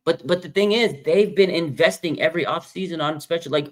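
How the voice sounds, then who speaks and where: A man's voice: a little high, expressive, fast, hardly any pauses, fairly bright tone. A man co-hosting a casual sports talk show, pushing his view bluntly and insistently at his co-host. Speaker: podcast co-host.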